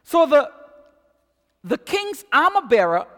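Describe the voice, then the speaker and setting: A man preaching with great animation, stumbling over repeated words as he builds. His voice is very high and bright with wide swings of pitch. A long hall reverb trails every phrase. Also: very animated, slow pace. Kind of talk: sermon.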